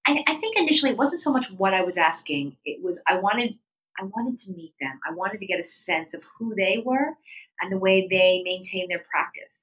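A middle-aged woman telling her story as an interview guest, animated and leaping up in pitch when she quotes people. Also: moderate pace, low-quality recording.

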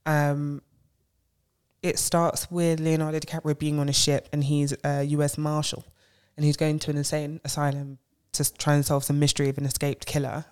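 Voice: medium pitch, little pitch movement, normal speed, a little mellow, clean tone. A podcast co-host chatting casually and enthusiastically recommending a film. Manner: enthusiastic, fills in details for others. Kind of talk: casual chat, movie recommendation.

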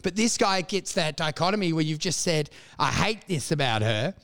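A man's voice: on the high side, expressive, moderate pace, fairly bright tone. A man co-hosting a podcast, telling profane, rambling comic stories in casual chat. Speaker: podcast co-host.

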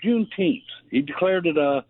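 A man calling in to a radio show, rambling and halting with fillers. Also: on the high side, lively intonation, no room sound. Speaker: caller. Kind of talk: phone-in chat. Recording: tinny phone line.

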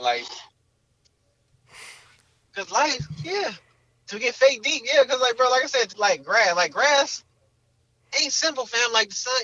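A young man co-hosting a podcast, talking in an animated, slangy way and leaning on filler words. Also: very high voice, no echo, lo-fi sound. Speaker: podcast co-host. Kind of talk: casual podcast chat.

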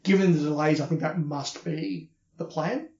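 Australian man, fairly high voice, casual podcast chat, opinionated, echoey dull room recording. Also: steady tone, moderate pace, a little mellow. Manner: chatty, opinionated, repeats words when starting. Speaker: podcast co-host. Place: hotel room.

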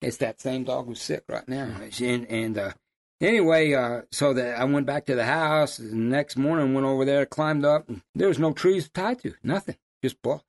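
A middle-aged man, a hunting guide, telling stories in casual chat with loud, high bursts when he quotes people. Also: moderate pace. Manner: animated yarn-spinner, loud high bursts when quoting.

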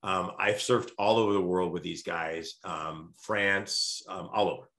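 A low-pitched man tells an animated personal story, stumbling and restarting as he goes. The room around him rings with echo. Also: measured pace. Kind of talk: casual storytelling chat. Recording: roomy echo.

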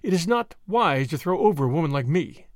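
A hoarse, frightened woman with a soft and dangerous edge, as a man reading the story puts her on. Her voice swings widely between hushed and sharp. The recording is close and dry. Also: on the high side, expressive, fairly quick, no room sound, close to an everyday voice. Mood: fearful, menacing. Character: fading beauty, frightened, secretive woman.

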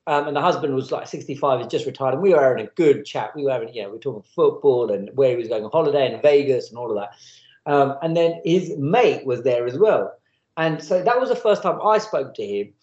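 A man's voice: mid-range voice, animated, quick pace, a little mellow. A man, co-hosting a casual podcast and telling a story with mimicked voices. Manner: chatty, laughing, mimics others. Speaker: podcast co-host. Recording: roomy muffled audio.

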